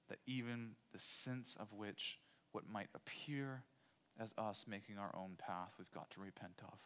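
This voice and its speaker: A man's voice: fairly low pitch, fairly bright tone. A man preaching a sermon as pastor, emphatic, repeating key phrases and putting rhetorical questions to his listeners.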